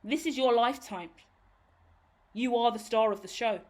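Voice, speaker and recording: A woman's voice: on the high side, moderate pace, a little mellow. A woman doing a casual tarot reading to camera. She rambles and reassures, talks straight to the viewer, swears casually and laughs at her own tangents. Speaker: tarot reader.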